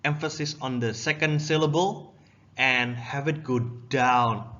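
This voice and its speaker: A young man teaches a casual language lesson, walking through words one at a time and reading each aloud. His voice is bright and forceful, at a middle pitch. The recording sounds dull and lo-fi. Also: a little slow. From Indonesia.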